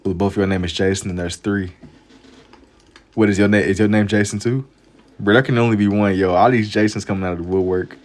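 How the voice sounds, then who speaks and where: A man's voice: sits low, steady tone, a little fast, a little mellow. A young man casually chatting with his live-stream viewers while drawing, laid-back and full of slang. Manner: laid-back slang-heavy banter, reads chat aloud.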